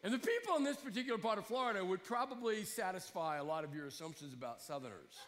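Animated man telling a story. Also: high voice, quick pace, long reverb tail. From Alabama, US. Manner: rambling, animated, many restarts.

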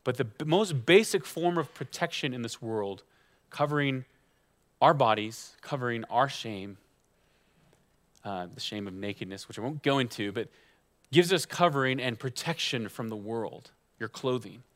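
A man's voice: mid-range voice, expressive, normal speed. Conversational man preaching a sermon. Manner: conversational preaching with asides and rhetorical questions. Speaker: guest pastor.

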